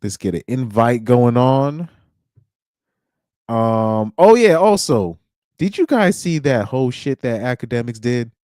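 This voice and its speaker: A man's voice: medium pitch, expressive, measured pace, a little mellow, dry recording, clean studio sound. A man hosting a casual livestream, rambling along with frequent restarts and chuckles. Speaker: livestream host.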